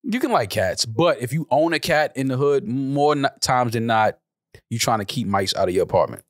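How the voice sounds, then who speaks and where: A man co-hosting a podcast in loud, animated banter, swearing often. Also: medium pitch, moderate pace, no room sound, studio quality. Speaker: podcast co-host.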